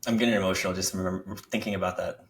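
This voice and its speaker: Young man, lowish voice, podcast guest, reflective, searching for words, casual talk. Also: fairly even intonation, very fast. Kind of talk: casual heartfelt conversation.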